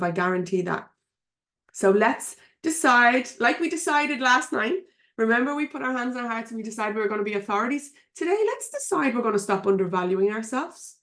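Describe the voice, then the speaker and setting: A woman's voice: on the high side, expressive, brisk, fairly bright tone. An Irish woman giving a live coaching webinar from her computer at home, chatty and frank, laughing often and swearing casually. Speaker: business coach.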